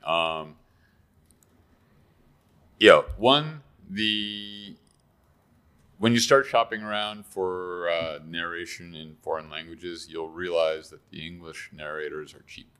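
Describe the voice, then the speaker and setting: A man with a deep but bright voice chats as a guest author. He talks haltingly and often doubles back to repeat a word before going on. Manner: halting, with frequent restarts and repeated words. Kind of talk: casual conversation.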